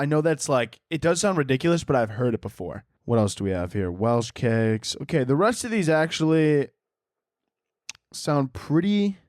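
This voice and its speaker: A man's voice: a little high, no room sound, studio quality. A young man hosting a solo podcast, rambling and joking crudely, often laughing at his own bits and slipping into mock voices. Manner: mock posh voices for imagined waiters. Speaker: podcast host. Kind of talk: casual solo podcast rant.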